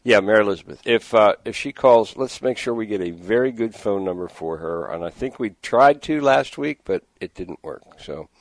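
Male radio host, middle-aged, low voice, dry studio sound, chatty rambler. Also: animated, normal speed, hardly any pauses, no room sound. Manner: rambling, exasperated storytelling. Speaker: radio fishing show host. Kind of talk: casual radio talk. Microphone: studio microphone with headphones.

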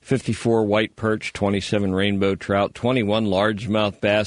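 A man's voice: fairly low pitch, level tone, moderate pace, few pauses, dry recording. A man hosting a call-in radio show, chatting casually and rambling with lots of fillers. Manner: easygoing, rambling with many fillers.

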